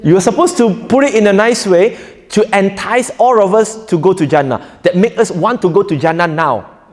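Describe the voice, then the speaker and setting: A man's voice: high-pitched, moderate pace, big-room sound. A man teaching a live audience in an interactive lecture, joking often and quizzing listeners. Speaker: preacher teaching a workshop.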